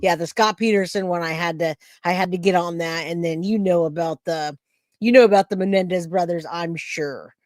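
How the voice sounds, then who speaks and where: Chatty low-voiced woman streamer. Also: steady tone, moderate pace, darkish tone, dry recording. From California. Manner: chatty, talks to chat by name. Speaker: true crime streamer host. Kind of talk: casual live-stream commentary.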